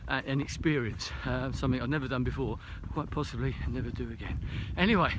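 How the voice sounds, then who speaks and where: A man's voice: medium pitch, fast. Man, outdoor hiking vlog, slightly out of breath, rambling with fillers, noisy camera audio. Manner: rambling, self-correcting, hesitant with many fillers. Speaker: vlogger. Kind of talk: casual vlog while hiking. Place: snowy mountain trail outdoors.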